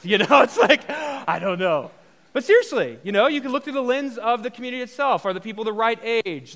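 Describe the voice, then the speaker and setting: High-voiced casual preacher. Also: male voice, fairly bright tone. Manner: casual, jokey, peppered with rhetorical questions. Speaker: pastor. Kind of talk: conversational live sermon. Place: church hall with a congregation.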